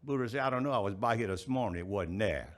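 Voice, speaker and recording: A man, the event's emcee, telling a joke in a rambling, halting way and chuckling at his own lines. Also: fairly low pitch, background noise.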